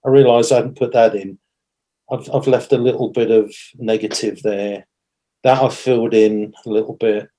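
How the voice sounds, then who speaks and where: A man's voice: lowish voice, steady tone, normal speed, mellow. A man teaching watercolour painting in a live demonstration, thinking aloud as he works, correcting himself mid-sentence and joking at his own expense. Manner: chatty, thinks aloud while working; self-deprecating humour.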